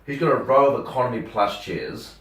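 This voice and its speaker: A young man with a New Zealand accent, a radio host telling a story in casual chat, animated and acting out the dialogue, swearing freely. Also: mid-range voice, brisk, dull audio, slight background noise. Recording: roomy sound from a distant mic.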